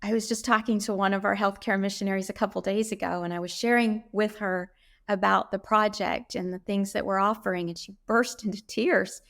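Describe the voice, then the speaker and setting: A middle-aged woman answers interview questions about her faith in an earnest, heartfelt way. She speaks at a moderate, ordinary pitch and often stops to gather her thoughts with a soft "um". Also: fairly even intonation, gravelly. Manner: earnest, heartfelt, with frequent "um" pauses.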